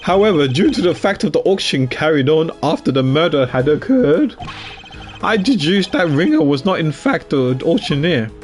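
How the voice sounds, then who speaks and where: A man playing a self-important prosecutor who lays out his case slowly and deliberately. Faint game music plays behind. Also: a little high, very animated.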